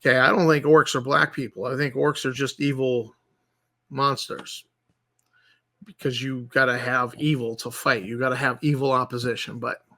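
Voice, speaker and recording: A man's voice: medium pitch, flat delivery, moderate pace, pushed and bright. A man hosting his channel, ranting in sarcastic, exasperated commentary and hammering points home by repeating them. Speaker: channel host.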